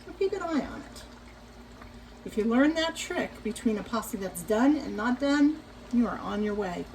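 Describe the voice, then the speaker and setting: A woman in her sixties hosting a casual cooking demonstration in her home kitchen, chatting directly to viewers and giving gentle cautions. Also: fairly high pitch, animated, normal speed, slight background noise, poor audio. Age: 60s. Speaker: cooking show host.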